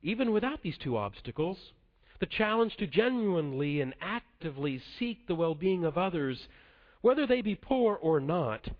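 A man preaching a sermon in a measured, earnest way to a congregation. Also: high-pitched, very animated. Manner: measured, earnest delivery dropping soft at the close. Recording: dull lo-fi sound.

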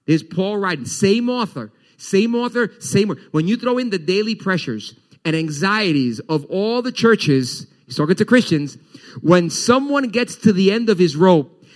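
A man preaching in church, his voice a touch high for a man. He moves from soft, low asides to loud, rising emphasis while he unpacks a scripture passage for the congregation. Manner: animated preaching, voice rising and falling widely. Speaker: pastor. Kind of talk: sermon.

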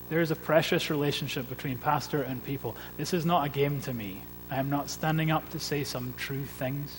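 A male pastor preaching a sermon in an earnest, measured way, building points with repeated refrains. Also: on the high side. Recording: long reverb with faint hum.

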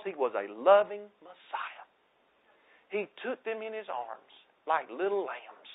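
A man's voice: high-pitched, sing-song, unhurried. A middle-aged man, preaching a sermon that swells into impassioned calls. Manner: preaching with rising, impassioned intensity. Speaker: pastor. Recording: tinny phone-like sermon recording.

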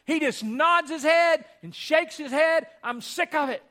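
A man voicing an agitated elderly woman who pleads to be taken home, in a high, loud, complaining voice. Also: steady tone, unhurried. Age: older.

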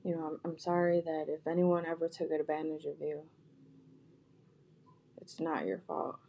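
A woman speaking gently and directly to her viewers, repeating heartfelt apologies and words of comfort. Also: deep voice, normal speed, lo-fi sound, slight background noise. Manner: gentle, soft-spoken, repetitive, with frequent restarts. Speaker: vlogger.

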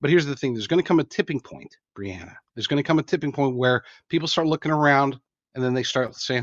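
A man's voice: mid-range voice, quick pace, dry recording, dull audio. A man being interviewed as a guest commentator, talking in an emphatic, folksy way and often restarting his sentences. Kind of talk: remote interview answers.

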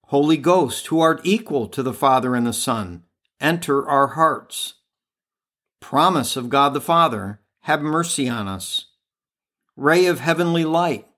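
Slow, reverent male prayer reader. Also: mid-range voice, fairly bright tone. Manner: measured, reverent recitation. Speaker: podcast prayer leader. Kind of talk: slow devotional reading and litany prayer.

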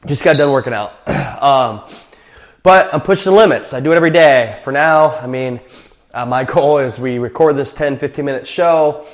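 A man hosts his own motivational podcast, talking off the cuff at a medium pitch. He is a little out of breath, and he rambles in a self-assured way. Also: moderate pace. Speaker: podcast host. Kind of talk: casual solo podcast talk.

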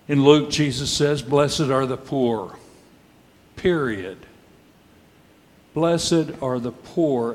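Slow, wry preacher in a reverberant hall. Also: male voice, mid-range voice, slight background noise. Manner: measured, rhetorical questions, dry wry asides. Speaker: pastor. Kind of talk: sermon.

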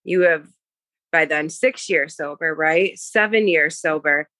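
Low, bright-toned woman in her thirties. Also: measured pace, no echo. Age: 30s. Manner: earnest, confessional, steady storytelling. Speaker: podcast guest. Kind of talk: personal recovery story.

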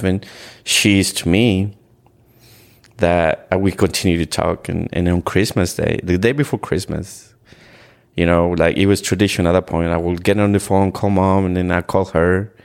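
Deep gravelly man. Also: steady tone. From Ecuador. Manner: earnest, halting, with repeated restarts and "like". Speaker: podcast guest. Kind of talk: candid storytelling in conversation.

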